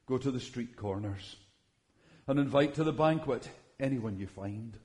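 A man reading Bible passages aloud in a measured, solemn way, pausing between phrases. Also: medium pitch, darkish tone. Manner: measured, solemn delivery with long pauses. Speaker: scripture reader. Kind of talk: slow, deliberate Bible reading.

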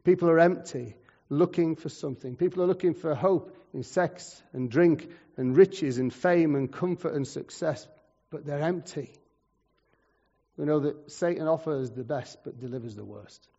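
Guy preaching in a big echoey hall, voice a bit higher, sounds kinda muffled. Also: moderate pace, creaky, slightly rough. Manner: conversational, swings between loud and quiet. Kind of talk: sermon with storytelling. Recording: muffled, long hall reverb.

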